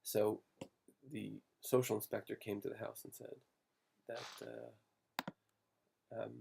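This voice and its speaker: A man telling family anecdotes in an interview, halting and digressive, with frequent restarts. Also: lowish voice, little pitch movement, creaky, darkish tone, slight background noise. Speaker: family descendant telling stories.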